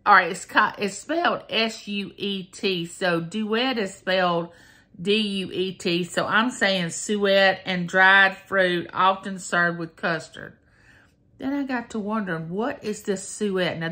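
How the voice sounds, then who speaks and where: A woman's voice: mid-range voice, a little slow, pushed and bright. A woman, chatting folksily to her viewers in a casual taste-test vlog. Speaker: vlogger.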